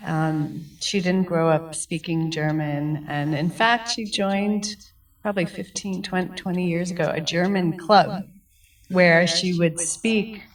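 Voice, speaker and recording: A middle-aged woman speaks slowly and reflectively about her family. Her voice sits at a middle pitch and comes from well away from the mic. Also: steady tone. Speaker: survivor's daughter. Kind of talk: personal account to students. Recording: distant mic.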